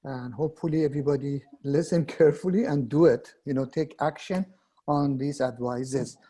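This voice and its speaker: A man's voice: mid-range voice, steady tone, mellow, slightly rough. A man moderating, thanking the speaker and hesitantly inviting questions. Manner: hesitant, with fillers and slow phrasing.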